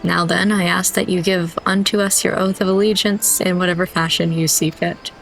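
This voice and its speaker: A stately military officer delivers a formal oath of allegiance with grave solemnity, as a woman reads the game text aloud. The voice sits fairly low and is spoken steadily. A faint hum of background noise runs underneath. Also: level tone, moderate pace, gravelly, fairly bright tone, low-quality recording. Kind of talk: reading game dialogue aloud.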